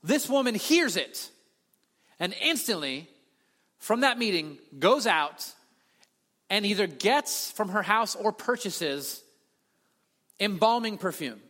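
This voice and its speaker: A man preaching a sermon as a pastor, telling the story with animated delivery and acting out the voices he quotes. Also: high-pitched, slow, pauses often. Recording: long hall reverb.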